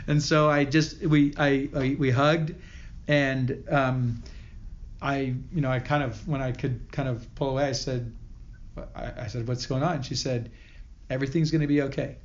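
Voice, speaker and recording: A man's voice: mid-range voice, fairly even intonation. A man guest on a podcast telling a personal story in an earnest way, often stopping and restarting his sentences. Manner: earnest, halting with many restarts. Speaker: podcast guest, company founder. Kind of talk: storytelling interview. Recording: dull lo-fi audio.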